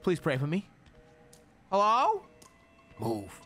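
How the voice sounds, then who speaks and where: A young man streams a horror game in a high, restless voice that leaps all over the place. He swears freely, calls his chat "gang," and hushes to a whisper when he gets scared. Game music plays clearly behind him. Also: huge pitch swings, slow. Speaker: gaming streamer. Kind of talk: live horror game commentary.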